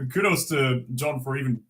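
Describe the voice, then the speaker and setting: A young man hosts a relaxed stream, his voice bright and forward. He reads slowly and deliberately, tripping over words and laughing at himself before drifting into easy chat with his viewers. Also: medium pitch. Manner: stumbling and laughing through a Scots poem, chatty aside. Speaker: host. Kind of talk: live-stream chat with a poem reading.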